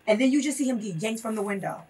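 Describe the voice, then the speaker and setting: A woman's voice: fairly high pitch, quick pace, darkish tone, a little hiss or hum. A woman guest on a talk show, telling her story earnestly and with emphasis. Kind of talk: interview conversation. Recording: voice from a distance off the mic.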